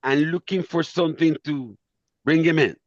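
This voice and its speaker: A man whose first language is Spanish, rambling earnestly as a caller. His voice sits a little high and comes through dull and dry on a video call. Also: moderate pace, no echo. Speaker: caller asking a question. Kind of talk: casual account.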